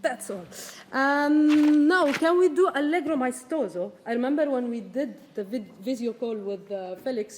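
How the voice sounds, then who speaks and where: In a reverberant concert hall with the orchestra behind her, a woman conductor with a high, slightly mellow voice gives rehearsal instructions. She sings rhythms aloud and coaches the musicians with encouragement.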